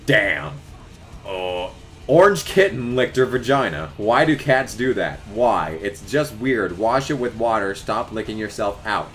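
A man's voice: lowish voice, animated, unhurried, a bit bright. A man reading fan fiction aloud for the first time, swearing and reacting in disbelief. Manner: profane, incredulous, exclaiming. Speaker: YouTuber.

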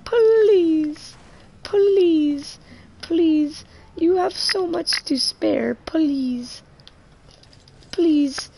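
A woman's voice: very high voice, extremely slow, creaky, long pauses, darkish tone, voice pushed up, heavily acted. A woman voicing a whiny, greedy young player who begs over and over for free items. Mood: whiny pleading. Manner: pleading, repeating "please" over and over.

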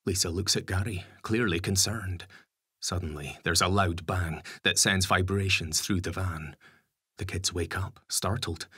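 A man narrating an audiobook story in a measured, even storytelling manner. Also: low voice, breathy edge, no room sound, studio quality. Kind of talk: scripted narration.

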